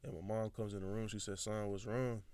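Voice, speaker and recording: A man's voice: fairly low pitch, fairly quick. A young man, a football recruit, telling a long story in casual chat and acting out the dialogue. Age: young adult. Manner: animated, acts out quoted dialogue.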